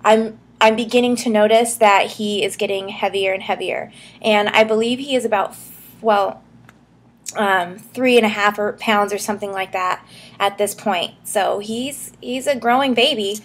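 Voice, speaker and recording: A young woman chatting casually in a vlog, a bit short of breath, giggling often and filling pauses with ums and likes. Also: mid-range voice. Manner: chatty, giggly, many fillers and restarts. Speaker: vlogger. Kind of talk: casual pregnancy update vlog.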